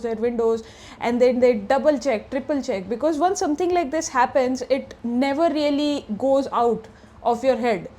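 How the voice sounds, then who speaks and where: A woman's voice: sits high, darkish tone. A woman retelling a true crime story in a casual, chatty way, slipping into present tense and fillers.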